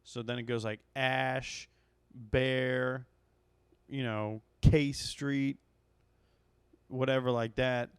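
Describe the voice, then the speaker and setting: A man's voice: medium pitch, level tone, very slow, pauses often, clear, resonant tone, no echo. A man, a comedian hosting his own podcast, telling a rambling, profane story and getting worked up as he goes. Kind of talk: casual storytelling monologue.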